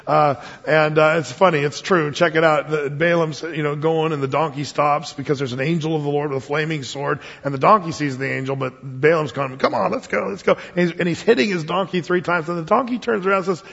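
A male pastor preaching an expository sermon, telling the story in an animated way with chuckles and asides, his voice husky. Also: on the high side, a little fast, few pauses. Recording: dull lo-fi sound with long hall reverb.

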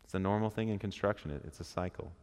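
A man preaches to a men's church gathering in a very low voice. He keeps it conversational, throwing questions to the room and acting out little quotes. His words ring out with a long hall reverb. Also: fast talker, a little mellow. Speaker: speaker at a men's church group. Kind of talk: interactive sermon with questions to the audience.

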